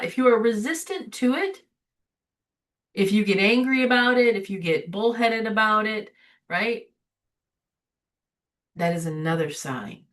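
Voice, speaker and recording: Sounding somewhat far from the microphone, a woman with a fairly high, fairly bright voice leads a spiritual recovery webinar. Her casual, conversational talk is sprinkled with "you know" and questions of "right?"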